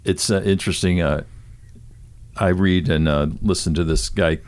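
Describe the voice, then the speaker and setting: A man's voice: low voice, steady tone, normal speed. A man talking casually and earnestly as a pastor. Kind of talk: casual chat.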